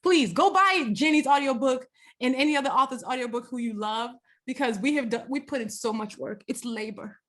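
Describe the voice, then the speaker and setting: A woman's voice: high voice, brisk. Emphatic woman author chatting. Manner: emphatic, animated, swears freely. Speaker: author and interviewer. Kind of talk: casual conversation on a video call.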